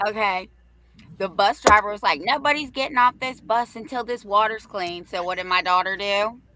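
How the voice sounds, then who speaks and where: A middle-aged woman co-hosting a live talk show, telling stories in a brash, profane, animated way and acting out the quotes. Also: medium pitch, normal speed, background noise. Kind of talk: casual storytelling chat.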